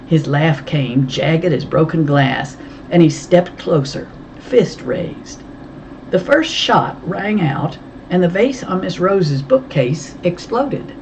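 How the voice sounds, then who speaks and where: A woman's voice: sits low, lively intonation, slow, creaky, darkish tone, a little hiss or hum. Woman narrating a novel. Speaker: audiobook reader. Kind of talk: first-person novel narration.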